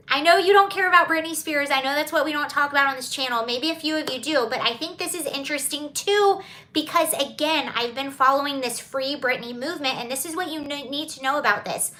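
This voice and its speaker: Woman, Southern accent, high bright voice, chatty livestream host, digressive. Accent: Southern American. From Georgia, USA. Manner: chatty, digressive, laughs often. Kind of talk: casual livestream chat reading comments.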